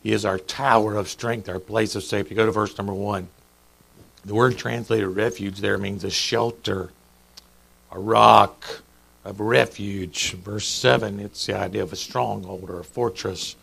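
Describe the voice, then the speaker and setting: Middle-aged pastor with a gravelly low voice. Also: male voice, steady tone, measured pace, fairly bright tone, poor audio. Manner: conversational and joking, quizzing the congregation. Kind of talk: sermon. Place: church sanctuary.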